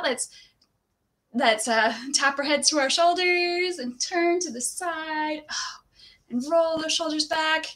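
A woman reading stories aloud to children in a cheerful, animated and expressive way. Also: sits high. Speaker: storyteller for children. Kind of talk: children's read-aloud storytime.

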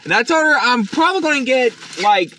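A YouTube unboxing host, tired after being up since early morning, vlogs casually in a bright, high voice. He's animated and a little fast, chatty and rambling with restarts and fillers, and the recording has a slight hiss or hum.

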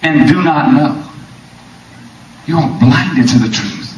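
A man preaching a fiery sermon, swinging from shouts to hushed lines and repeating words as he builds. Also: a little high, lively intonation, slow pace, slight background noise. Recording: very echoey room, mic far off.

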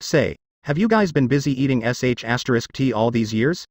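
A man's voice: mid-range voice, animated, brisk, dry recording, studio quality, lightly acted. A man reading as a cold, ruthless young man. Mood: contemptuous.

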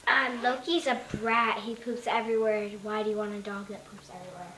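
A woman's voice: medium pitch, flat delivery, a little fast, bright, forceful tone, reverberant, a little hiss or hum, poor audio. A young woman chatting with her friend off camera, blunt and teasing. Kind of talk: casual chat.

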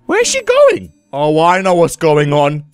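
A man's voice: huge pitch swings, measured pace, clear, resonant tone. Brief: male let's-play commentator, crude and rowdy, voice leaping all over the place, faint game music behind. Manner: crude, rowdy, swings wildly in pitch. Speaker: gaming commentator.

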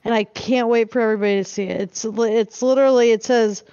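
A woman's voice: a little high, fairly even intonation, fast, warm tone, clear, resonant tone, dry recording. A woman co-hosting a casual podcast, chatty and bubbly as she tells stories. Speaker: podcast co-host. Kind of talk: casual chat. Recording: slightly dull lo-fi.

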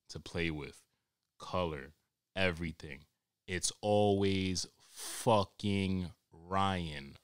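A man's voice: sits low, fairly bright tone, dry recording, studio quality. A man hosting a podcast, ranting in a rambling, crude, exasperated comic monologue, recorded at home. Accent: New York. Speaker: podcast host. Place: home during quarantine.

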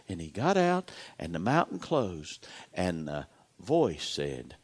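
A man delivers a sermon, his low voice rising and falling through a wide, animated range. He tells stories with dramatic emphasis, repeats phrases, and sinks into near-whispers for effect. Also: moderate pace. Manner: dramatic storytelling with sudden drops to a hushed whisper. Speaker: pastor.

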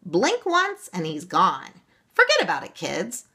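A brisk, wise old great-aunt, voiced by a woman reading a storybook. She speaks quickly and knowingly in a bright, lifted voice with lively swings. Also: lowish voice, breathy edge, exaggerated voice.

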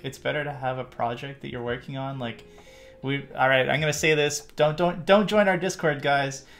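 Man, Canadian accent, panel host, casual and jokey, middle pitch, soft music underneath. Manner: jokey, chuckles between points. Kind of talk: casual livestream panel chat.

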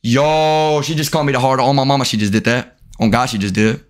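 A brash young male streamer curses his way through a live stream, chatting with strangers on video calls. His mid-range voice stays steady and fairly quick as he talks straight to his chat.

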